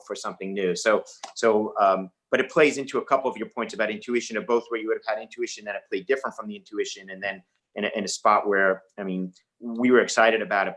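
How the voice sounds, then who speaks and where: New York male investor panelist, low-pitched, quick storyteller. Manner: fast, animated storytelling with restarts. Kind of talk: webinar panel talk.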